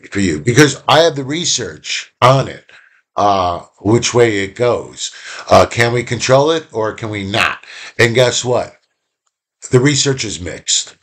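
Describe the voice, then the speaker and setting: A man's voice: fairly low pitch, a bit bright. A man giving an informal lecture on emotions, conversational with many fillers and restarts, acting out little quoted exchanges. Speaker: communication instructor.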